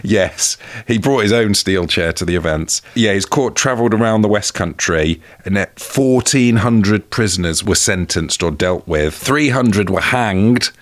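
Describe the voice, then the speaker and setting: A man's voice: on the low side, lively intonation, a little slow, no room sound. An English man co-hosting a podcast, telling a history tale in casual, jokey chat and laughing often. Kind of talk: casual comedic chat and storytelling.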